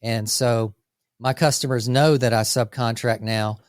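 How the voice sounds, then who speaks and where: A man co-hosting a casual business podcast, talking energetically through lists with quick asides about running a landscape company. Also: mid-range voice, fairly even intonation, clear, resonant tone, no room sound, studio quality.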